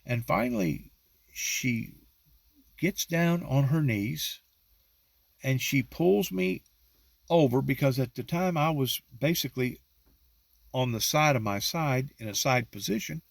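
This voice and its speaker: A middle-aged man, slowly telling a personal religious testimony with emphatic rising peaks. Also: medium pitch, expressive, creaky, no room sound. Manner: slow, drawn-out storytelling with rising emphatic peaks.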